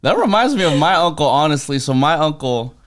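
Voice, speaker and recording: A man from the United States hosting a podcast, relaxed and joking in casual chat. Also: on the high side, brisk. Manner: relaxed and joking, laughs often. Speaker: podcast host.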